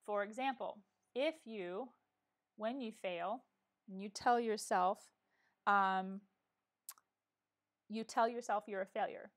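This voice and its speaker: Speaking slowly with long pauses in a medium-pitched voice, a middle-aged woman hosts a casual live chat. This live-stream vlogger addresses her viewers directly in an earnest, encouraging way.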